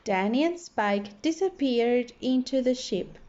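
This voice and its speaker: Slow, expressive woman reading a storybook. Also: on the high side. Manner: expressive, playful sound effects. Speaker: primary school teacher. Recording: dull lo-fi recording.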